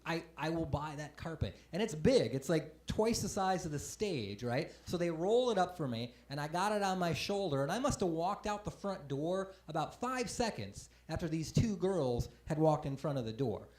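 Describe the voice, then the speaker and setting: High-voiced comedian in his forties. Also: sing-song, moderate pace, few pauses. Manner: self-deprecating storytelling with sudden loud outbursts. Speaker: stand-up comedian. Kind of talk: live stand-up set. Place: comedy club stage. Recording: roomy live club sound. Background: audience laughter.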